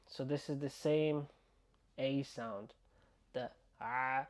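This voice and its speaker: A man teaching an online Arabic pronunciation lesson. He is patient and repeats words slowly, stretching out the sounds. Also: mid-range voice, a little mellow, muffled recording.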